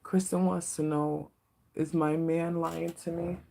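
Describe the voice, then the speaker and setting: Low gravelly woman reading tarot live. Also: flat delivery, a little slow. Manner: soft-spoken, emotional, reassuring, checks in with "okay?". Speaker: tarot reader.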